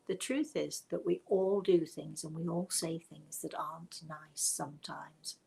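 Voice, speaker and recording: An older woman with a British accent telling a story on a live show, in a hushed, dramatic way that often drops to a whisper. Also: low voice, steady tone, unhurried, gravelly, few pauses, husky, rough recording. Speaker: spiritual medium.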